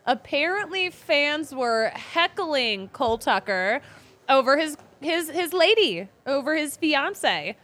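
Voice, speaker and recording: A woman hosting a casual sports chat show, bubbly and quick to giggle. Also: high voice, very animated, fairly bright tone. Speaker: host.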